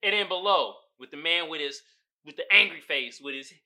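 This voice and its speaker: A man hosting his own podcast, talking casually and profanely, often breaking into loud laughing outbursts. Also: fairly high pitch, normal speed. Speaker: podcast host. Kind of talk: casual solo podcast talk.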